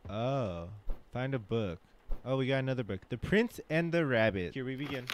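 A man hosting a gaming channel, talking casually through a horror game with loud jumpy reactions and jokes. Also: mid-range voice, lively intonation, normal speed, faint music behind.

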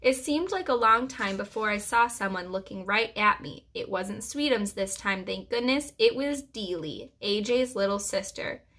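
A preschool teacher reading a chapter book aloud to children in a gentle, reassuring storyteller's manner. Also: female voice, medium pitch, lively intonation, moderate pace, hardly any pauses.

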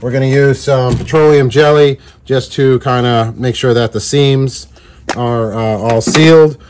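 A man's voice: medium pitch, steady tone, measured pace, a little mellow, a little hiss or hum. A man hosting a casual do-it-yourself lure-making video, joking around with playful wordplay. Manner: jokey, goofy wordplay. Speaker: host making fishing lures. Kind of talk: casual DIY tutorial.

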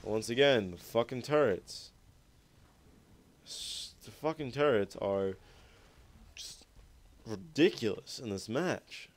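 Laid-back, swearing young gaming commentator. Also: male voice, on the low side, darkish tone. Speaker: gaming YouTuber. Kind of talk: gameplay commentary over footage.

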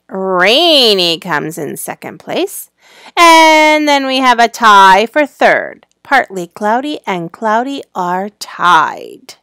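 A middle-aged woman teacher giving a slow, sing-song lesson to young children, spelling words out letter by letter. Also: mid-range voice, sharp tone, dry recording, clean studio sound.

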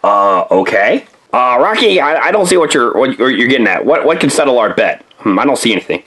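A man voicing a hungry, slow-witted male bulldog pup in a toy play-along story, with a husky, rambling drawl. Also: medium pitch, big pitch swings, a bit bright, voice pushed down, rough recording.

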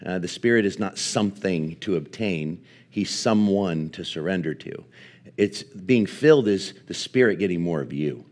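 A pastor in his forties gives a sermon in a lowish male voice. He tells his story in an animated way, laughing often and leaning on casual fillers. When he turns to teaching, he grows quieter and slower.

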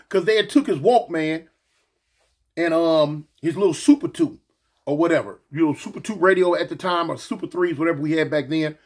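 High-voiced man with a lisp. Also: brisk. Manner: animated, slangy, rambling with fillers and restarts. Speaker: storyteller recounting his past. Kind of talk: casual storytelling.

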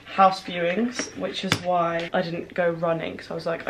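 A young woman in her twenties talking casually to camera, excitable and emotional, fast and breathless. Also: lowish voice. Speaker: vlogger. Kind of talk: casual vlog talk.

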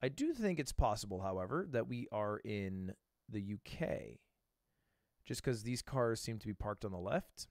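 Animated, swearing male streamer thinking aloud. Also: on the low side, moderate pace, dry recording, clean studio sound. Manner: animated, swears freely, talks himself through guesses; bursts into loud excited exclamations. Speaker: streamer reacting to videos and playing guessing games.

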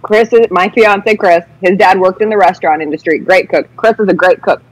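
A woman's voice: medium pitch, fairly quick, dry recording, low-quality recording. A woman co-hosting a talk show, chatting in a self-mocking, chatty way. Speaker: co-host. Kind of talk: casual chat.

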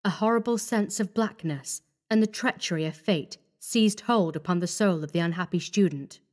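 A woman narrating a horror story in a measured, grave manner. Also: lowish voice, darkish tone.

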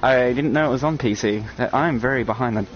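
A man giving excited live-stream commentary on a VR shooter, chatting with viewers and breaking into loud outbursts. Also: mid-range voice, fast talker. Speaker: VR game streamer. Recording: dull lo-fi stream audio with game music and gunfire. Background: game music and gunfire.

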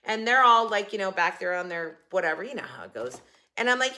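A woman's voice: mid-range voice, animated, fairly quick, very noisy. An older woman chatting casually to camera about her shopping haul, giggling and joking with someone off camera. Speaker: haul vlogger.

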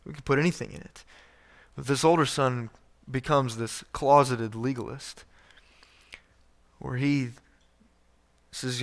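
A man's voice: mid-range voice, fairly even intonation, a little slow, vocal fry, long pauses. A male pastor preaching a conversational sermon, reading scripture and acting out the quoted speakers, with frequent restarts.

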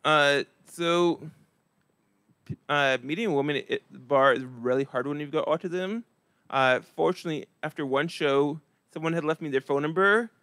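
A man delivers stand-up comedy in a deliberately monotone, deadpan way, his voice sitting a little high for a man. The sound is dry and close, with no room echo around him.

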